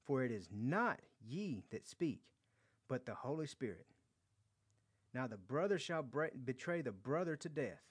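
A slightly rough, mid-range male voice, very animated yet unhurried, leads a verse-by-verse Bible study. After reading scripture aloud, he talks it through casually with acted quotes, often restarting phrases and repeating words.

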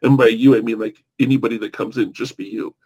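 A man's voice: mid-range voice, steady tone, fast, darkish tone, slightly rough, rough recording. A man hosting a casual podcast, enthusiastic and rambling, with casual swearing. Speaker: podcast host.

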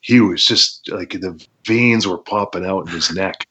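Deep-voiced Canadian-born ex-wrestler telling stories. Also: male voice, unhurried, bright, forceful tone. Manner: laid-back, laughs often, acts out quotes. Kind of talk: casual storytelling interview. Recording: dull lo-fi podcast audio.

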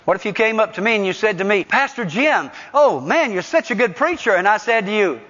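A man preaches a sermon to his church, his voice climbing in bursts of insistent repetition before dropping into quick, joking asides. He sits a little high for a man. The sound is dull and carried by the long ring of a big hall. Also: lively intonation, fairly bright tone. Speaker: pastor. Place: church service.

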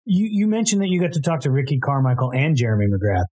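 A curious interviewer with a warm, mellow and slightly husky voice. The questions come casually, with small stumbles at the start. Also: mid-range voice, big pitch swings, quick pace.

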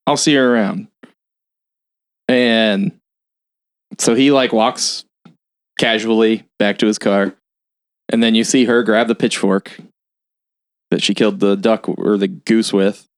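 A man's voice: fairly low pitch, steady tone, slow pace, long pauses, clear, resonant tone, no room sound, clean studio sound. Man recapping a film, loose and profane. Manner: loose and profane, with many fillers. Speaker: film podcast panelist.

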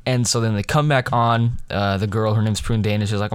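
A high school boy tells a meandering story in a relaxed vlog, slipping into fillers and restarts and laughing at his own tale. His voice sits on the low side for his age group, and the recording is dry and close with no room sound. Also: normal speed, hardly any pauses, clean tone, no room sound. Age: teens. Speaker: high school student vlogger. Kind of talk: casual storytelling.

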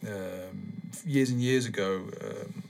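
A man hosting a podcast, rambling in a relaxed, meandering way with many pauses and ums. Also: fairly low pitch, gravelly. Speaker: podcast host. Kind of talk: casual rambling monologue.

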